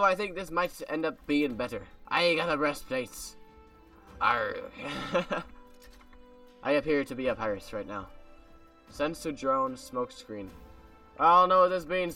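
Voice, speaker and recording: A man's voice: mid-range voice, bright, forceful tone, distant mic. A man casually commentating his gameplay, joking with viewers in a made-up accent he puts on. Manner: playful, joking, talks to viewers. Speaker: gaming video creator. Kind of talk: casual let's-play commentary. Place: home room.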